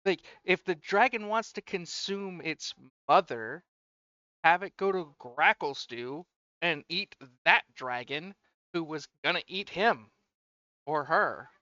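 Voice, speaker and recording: A man's voice: fairly high pitch, animated, slow, sharp tone, no room sound. A man playing a tabletop game, blunt and argumentative as he bargains in character. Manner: blunt, argumentative, pushes to the point. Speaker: player. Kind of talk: casual tabletop game chat and in-character negotiation. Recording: dull lo-fi mic.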